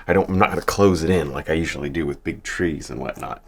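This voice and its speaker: Gravelly low-voiced painting instructor, man. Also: quick pace, slight background noise. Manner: chatty, encouraging, chuckles often, talks while working. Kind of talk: relaxed painting tutorial.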